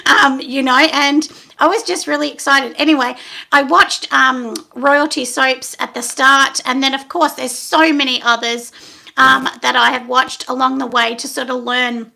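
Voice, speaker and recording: A woman's voice: sits high, fairly even intonation, moderate pace, creaky, pushed and bright. A woman, middle-aged, chatting casually on her own vlog, rambling a little with plenty of ums and laughing at herself. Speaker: soap maker and channel host.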